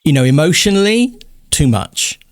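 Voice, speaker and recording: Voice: medium pitch, sing-song, normal speed. A podcast co-host talking candidly and self-reflectively in casual conversation, often murmuring agreement.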